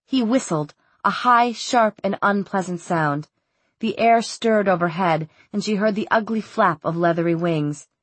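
A woman narrating a young-adult fantasy novel in a steady, even storytelling manner. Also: mid-range voice, a little slow, slightly rough, no echo. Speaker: audiobook narrator. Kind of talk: scripted narration.

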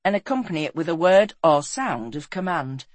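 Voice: medium pitch, sing-song, moderate pace, no room sound, natural voice. A narrator voicing a kindly old bearded village smith in a storybook reading, speaking heartily and encouragingly. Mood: hearty.

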